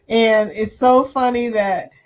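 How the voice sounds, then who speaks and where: A middle-aged woman hosting a casual livestream chat, reading viewer comments aloud and laughing often as she talks. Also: on the high side. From United States. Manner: laughs often, chatty and animated.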